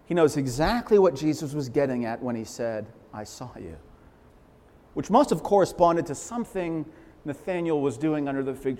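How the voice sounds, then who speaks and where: A man preaching a sermon as pastor, fervent and emphatic, swinging from loud swells to hushed, quiet lines. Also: a little high. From Massachusetts, USA. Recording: long reverberant hall echo.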